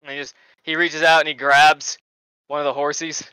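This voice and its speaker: A man narrating as game master of a tabletop game, animated and lively. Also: on the high side, moderate pace, smooth, no echo, poor audio. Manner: animated narration with voiced asides.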